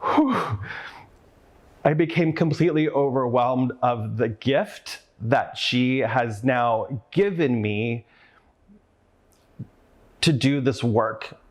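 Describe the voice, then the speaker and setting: A man with a voice of ordinary pitch tells a personal story for a conference audience. He speaks earnestly and with open emotion, and he acts out the voices of the people in his story. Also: slow.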